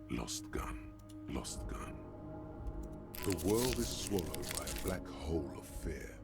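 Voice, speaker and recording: A man's voice: very deep voice, vocal fry, exaggerated voice. A man voicing the ominous, mocking inner voice of a troubled detective in a game, with music behind. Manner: slow, ominous, mocking narration. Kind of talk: game narration.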